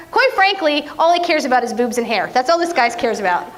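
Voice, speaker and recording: Lady preacher, talks high, jokey and playful, pokes fun at herself a lot. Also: a little fast, few pauses. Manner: playful, self-mocking and animated. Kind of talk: conversational sermon.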